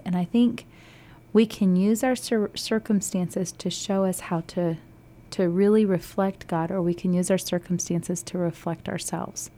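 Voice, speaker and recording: Female Christian radio co-host from Texas, slightly low voice, earnest teaching delivery. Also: mellow. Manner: earnest, teaching, with frequent restarts. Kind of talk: devotional radio talk.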